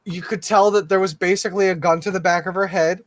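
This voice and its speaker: A man co-hosting a casual podcast, telling a story in an animated, exasperated way and swearing freely. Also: high voice, fast, heavy background noise. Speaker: podcast co-host. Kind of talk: casual chat.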